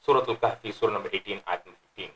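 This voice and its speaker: A man teaching the meaning and grammar of a scripture verse, explaining slowly and repeating key words for emphasis. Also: lowish voice, a bit bright, low-quality recording. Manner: recites in melodic chant. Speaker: Quran teacher.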